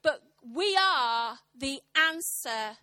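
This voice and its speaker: Woman in her thirties, sermon, high bright voice, dry close sound, punchy comic storytelling. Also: extremely slow, no room sound. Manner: animated, impassioned, punchy comic timing. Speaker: preacher. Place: church service.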